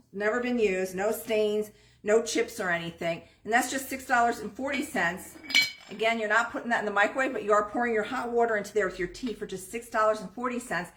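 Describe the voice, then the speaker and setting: A woman's voice: medium pitch, a bit bright. A woman hosting a live online sale from an antique shop, chatting her way through items and prices. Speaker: antique shop host selling on a live stream. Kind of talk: live online sales pitch. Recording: roomy echo.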